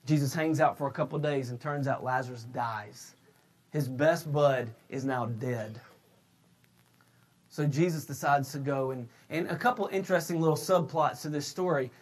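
A man preaching a sermon, shouting his emphatic points and then slipping into a loose, conversational retelling full of restarts. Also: medium pitch, normal speed. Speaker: pastor.

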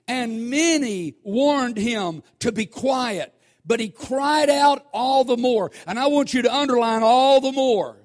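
Guy preaching, real high voice, lively, keeps asking the crowd stuff. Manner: animated, asks the congregation questions, slows down to stress scripture. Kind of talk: sermon.

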